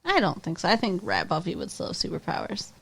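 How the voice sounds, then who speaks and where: A woman's voice: on the low side, big pitch swings, fast talker, gravelly. A woman co-hosting a podcast, chiming in with short, wry remarks. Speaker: podcast co-host. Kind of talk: casual chat. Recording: noisy podcast audio.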